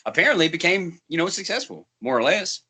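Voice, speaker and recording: Man, podcast co-host, bright voice, slightly high, chatty, laughs often. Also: big pitch swings, brisk. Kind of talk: casual storytelling chat.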